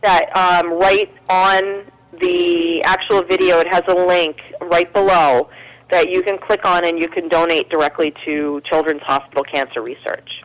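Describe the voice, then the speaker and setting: A woman's voice: fairly low pitch, level tone, a little slow, rough recording. An American woman talking as a guest musician in a casual chat, earnest and full of fillers and restarts. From United States.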